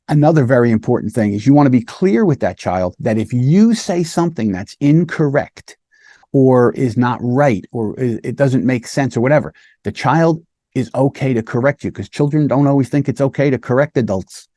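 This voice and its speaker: A police lieutenant gives a casual, conversational lesson on interview skills, often checking in with "right?" and acting out short quoted lines of officers and children. His voice is medium-pitched, animated and mellow at normal speed, in a dry, studio-quality recording.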